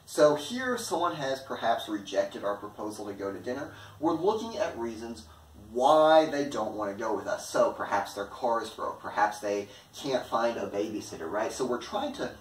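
A man giving an explanatory lesson as an online instructor, lively and playing with stress and pitch in his examples. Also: normal speed, slight background noise. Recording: echoey room, mic at a distance.

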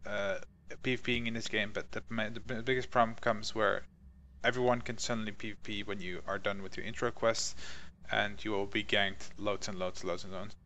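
A young man with a fairly low but bright, forceful voice, talking loosely through game impressions and trailing off mid-thought. A faint hiss of noise sits under his casual chat. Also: fairly even intonation, moderate pace, hardly any pauses, highs cut off. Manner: offhand, musing, trails off. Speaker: co-host.

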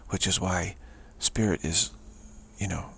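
Male spiritual teacher, low and gravelly, very husky, voice fading, halting monologue. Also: steady tone, bright, forceful tone, a little hiss or hum. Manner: halting, searching delivery with frequent restarts. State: voice fading to a whisper.

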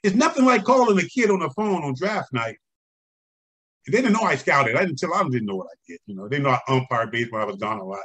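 Older man telling animated stories. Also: medium pitch, fast, slightly rough. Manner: animated, chuckling, acts out quoted voices. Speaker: interview guest, former umpire and scout. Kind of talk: conversational storytelling.

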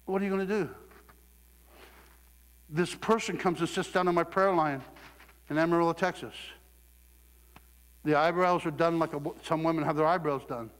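A middle-aged male preacher from Southeast Ohio delivers a sermon in a fairly high voice, acting out people's lines with animated storytelling. His voice rings with the long reverb of a big hall. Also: normal speed, long pauses. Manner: animated storytelling with acted quotes and laughter.

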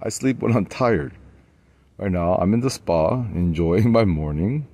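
A vlogger in his forties rambles on from a spa tub, swearing freely, laughing often, and hopping between topics. His low voice is warm with lively intonation, and he speaks a little slowly.

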